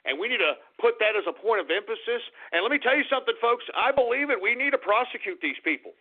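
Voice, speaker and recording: A man's voice: very high voice, animated, fast talker. A man hosting a political talk radio show, ranting angrily and cursing at his listeners. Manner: angry, profane, shouting at listeners. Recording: tinny phone-like internet radio audio.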